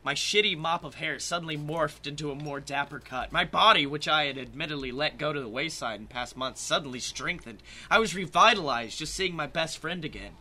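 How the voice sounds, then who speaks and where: A man's voice: on the high side, fairly quick, few pauses, pushed and bright. A man co-hosting a podcast, reading comic fan fiction with swaggering, theatrical narration. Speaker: podcast co-host.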